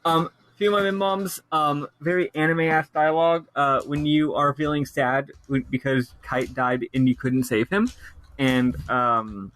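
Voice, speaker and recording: A man co-hosting a casual game podcast, lively and swearing freely as he talks through his notes. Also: on the high side, a little slow, slight background noise. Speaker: podcast co-host. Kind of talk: casual chat.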